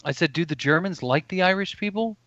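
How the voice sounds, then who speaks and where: A man's voice: sits high, brisk, a bit bright. A man co-hosting a podcast in easygoing, wry casual chat. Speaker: podcast co-host. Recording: dull dry sound.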